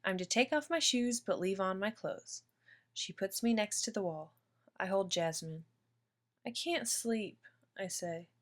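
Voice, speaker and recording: A woman reading a children's picture book aloud in steady, even narration. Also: mid-range voice, normal speed. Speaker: storyteller.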